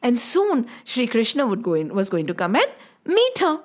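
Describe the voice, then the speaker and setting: A woman narrating a children's story in an expressive, slow and deliberate way, singing out the sound effects. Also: on the high side.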